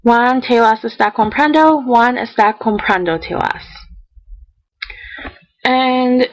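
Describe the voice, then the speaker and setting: Woman, teacher, slightly high voice, methodical, step by step. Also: poor audio. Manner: methodical, counting out steps; reads example sentences slowly. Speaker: Spanish teacher. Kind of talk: recorded classroom lesson.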